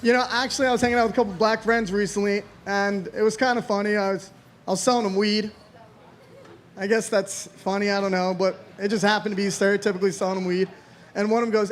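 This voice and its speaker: A man's voice: high voice, steady tone, fast. A man in his thirties from Florida doing a rambling, self-deprecating stand-up set, swearing freely. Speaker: stand-up comedian.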